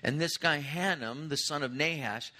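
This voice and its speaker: Bright-voiced preacher in his fifties. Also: fairly high pitch, normal speed. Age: 50s. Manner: earnest storytelling preacher who explains scripture conversationally. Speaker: pastor. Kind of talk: sermon.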